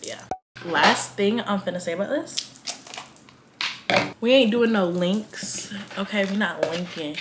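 A woman's voice: medium pitch, unhurried, long pauses, very noisy. A twenty-year-old woman from Atlanta with a Southern accent, chatting dramatically to camera in a vlog, full of slang. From Atlanta, Georgia. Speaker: vlogger. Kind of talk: casual chat to camera.

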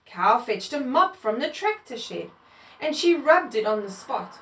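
High, slow-reading woman storyteller. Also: sing-song, a bit bright. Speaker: children's story reader. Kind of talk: reading a picture book aloud to children. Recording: echoey room, mic far off.

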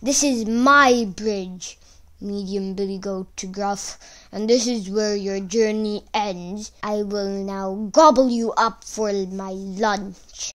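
A woman voicing a greedy, menacing male troll who guards a bridge, speaking slowly and threateningly. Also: mid-range voice, steady tone, natural voice.

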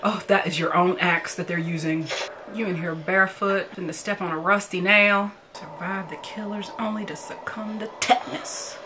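A woman's voice: mid-range voice, fairly even intonation, normal speed, noisy background. A woman reacting to a horror movie she is watching for the first time, talking back at the characters on screen and swearing freely.

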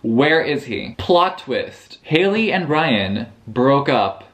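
A man's voice: medium pitch, sing-song, takes it slowly, fairly bright tone. A young man casually recapping a novel for his book vlog, sassy and profane, acting out the characters' lines. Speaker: book reviewer.

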